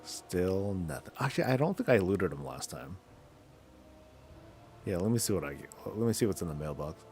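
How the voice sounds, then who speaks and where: A man streaming a game, chatting casually in a loose, slangy, rambling way as he thinks out loud. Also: low-pitched, big pitch swings, normal speed, soft background music. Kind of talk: casual chat while gaming.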